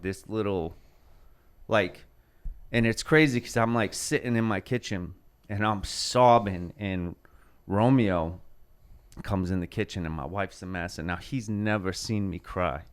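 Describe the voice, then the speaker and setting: A man's voice: on the low side, slow pace, clean tone. A man in his thirties, a podcast host, telling a rambling heartfelt story in casual chat and swearing freely.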